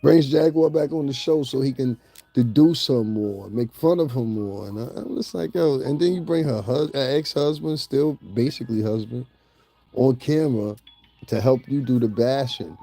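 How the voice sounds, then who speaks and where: Male gossip vlogger with a mellow voice, mocking and ranting, laughs at his own jokes. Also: medium pitch, moderate pace, dry recording, faint music behind. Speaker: celebrity gossip commentator. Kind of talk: profane ranting commentary.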